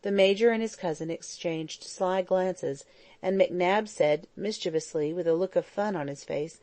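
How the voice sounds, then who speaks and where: A woman reads a classic adventure novel aloud in a steady, measured way. Her voice sits a little low and sounds mellow and warm. The recording is close and completely dry. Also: dry recording. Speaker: audiobook narrator. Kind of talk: scripted narration.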